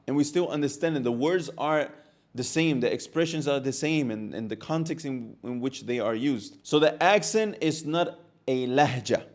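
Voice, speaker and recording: Man explaining a lesson casually. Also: a little high. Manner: explains by restating phrases. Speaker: language teacher.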